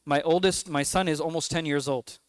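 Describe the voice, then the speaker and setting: A man's voice: a little high, steady tone, a little fast, smooth, dry recording. A man in his twenties with a New York accent, giving a conversational mosque talk to parents, asking the crowd questions and joking now and then. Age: 20s. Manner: conversational, asks the audience questions, jokes.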